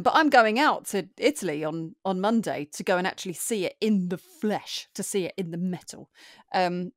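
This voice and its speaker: Lively woman, dry close sound. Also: medium pitch, dry recording. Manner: upbeat, chatty, playful. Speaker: podcast co-host. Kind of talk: casual chat.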